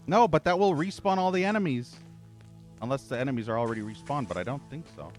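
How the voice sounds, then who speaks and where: A man's voice: mid-range voice, lively intonation, quick pace, a little mellow, faint music behind. A man streaming a video game, complaining and cursing as he plays. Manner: irritated, cursing, ranting. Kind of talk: gameplay commentary.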